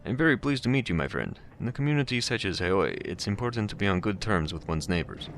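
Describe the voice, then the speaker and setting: A man voicing a pleasant, cultured man in a game, using a put-on Russian accent and a smooth, courteous manner. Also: fairly low pitch, lively intonation, fast, a bit bright, a little hiss or hum.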